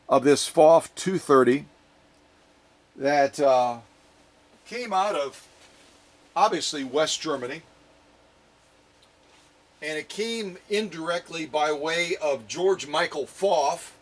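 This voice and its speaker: Chatty, slightly high-voiced man vlogging. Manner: chatty and playful, with jokey asides. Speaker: sewing machine restorer and channel host. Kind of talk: casual vlog chat to viewers.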